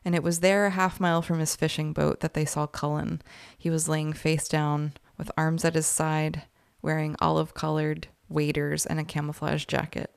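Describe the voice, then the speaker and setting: Low, gravelly woman telling a story. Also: little pitch movement, moderate pace, no room sound. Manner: chatty, says "like" often. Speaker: podcast co-host. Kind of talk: casual true-crime storytelling.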